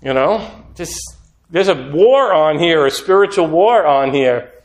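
An earnest male preacher talks through his sermon in a conversational way, slipping into voices for quotes. His voice sits a little above a usual man's pitch. The hall around him rings with echo. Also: lively intonation, measured pace. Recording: echoey room.

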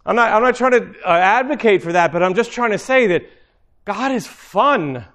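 Man, fairly high voice, informal sermon, chatty asides, preacher. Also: expressive, moderate pace, a bit bright.

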